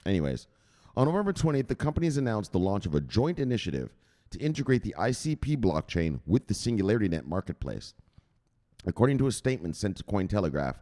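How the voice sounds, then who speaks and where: A US man with a lowish, warm voice presents crypto news by reading an article aloud. He is chatty and digressive, slipping into casual asides and asking viewers to google things.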